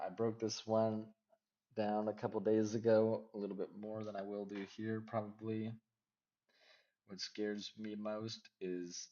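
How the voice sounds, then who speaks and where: A man giving casual MMA fight predictions, rambling and second-guessing himself out loud. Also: low voice, muffled recording. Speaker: MMA fight picks vlogger.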